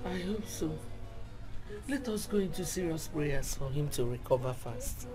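Sulky middle-aged Nigerian mother, lively pitch, music clear behind. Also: measured pace. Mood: defensive. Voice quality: defensive, sulky. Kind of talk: film drama acting. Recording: film audio with music behind.

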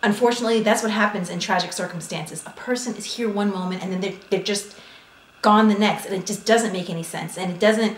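A woman's voice: mid-range voice, a little fast, a little hiss or hum. Chatty woman vlogger in an echoey room. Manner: chatty and animated, acting out her own reactions. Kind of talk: casual monthly favorites vlog.

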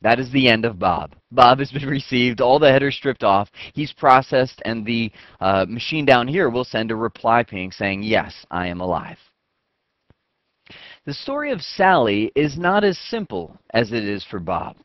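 A man teaching computer networking step by step, acting out what each computer says in quick asides, on a close mic. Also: mid-range voice, expressive, dry recording. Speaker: networking instructor. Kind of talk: screen-recorded technical lesson. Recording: dull, dry lo-fi voice track.

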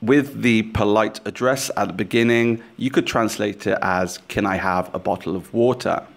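A man teaching a language lesson in scripted narration, giving slow, clear explanations and carefully sounding out foreign phrases. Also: lowish voice.

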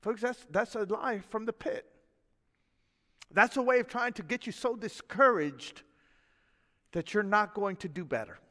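A man preaching a sermon as pastor, in a folksy, animated way with chuckles and asides. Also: high-pitched, unhurried, long pauses, long reverb tail. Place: church sanctuary.

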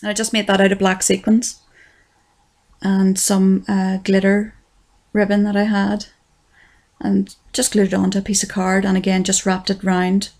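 A woman's voice: mid-range voice, completely flat delivery, normal speed, a little mellow. An Irish woman giving a chatty, self-deprecating voice-over for a crafts tutorial, often saying "wee". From Ireland.

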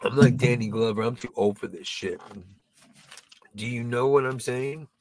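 A man's voice: medium pitch, moderate pace, a little mellow. A man in his sixties hosting a comedy show, doing a loose, rambling, profane stand-up monologue. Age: 60s.

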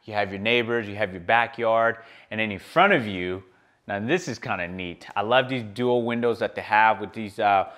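A man's voice: on the low side, a bit bright. A man working as a real estate agent, walking through a large home on a tour and praising each room with frequent fillers. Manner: enthusiastic, lots of fillers and repeated praise. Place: large furnished home, indoors.

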